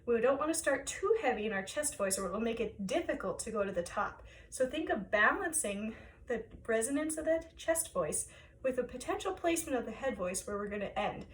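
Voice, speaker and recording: A woman choir director guiding singers through breathing and vocal warm-up exercises, encouraging them step by step. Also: a little high, expressive, brisk, far from the mic.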